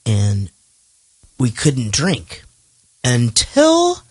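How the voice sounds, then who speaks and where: A man's voice: mid-range voice, huge pitch swings, drawn-out words. A man hosting a movie podcast, chatting casually and rambling, joking and swearing. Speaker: podcast host. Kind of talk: casual movie-review chat.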